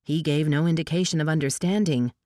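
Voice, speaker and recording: A woman reading a novel aloud as an audiobook narrator, giving the dialogue a lift in pitch. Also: a little fast, darkish tone, dry recording, studio quality.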